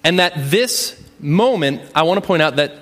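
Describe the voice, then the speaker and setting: Preaching in an easygoing, chatty style, this male pastor keeps tagging his points with "right?" and other quick questions. A long reverb trails his somewhat high voice, suggesting a large church hall.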